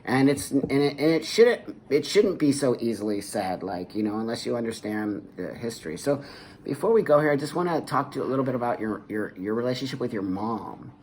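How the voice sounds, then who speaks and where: A man's voice: medium pitch, animated, fairly quick, a little mellow, a little hiss or hum. A man hosting a casual interview, earnest and affirming, with short supportive interjections. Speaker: host.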